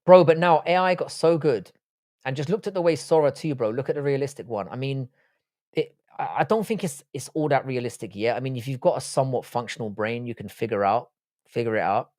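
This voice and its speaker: A man's voice: medium pitch, fairly quick, a little mellow, no echo, studio quality. A man in his forties who grew up in England, hosting a live stream and reading viewer comments in crude, profane banter.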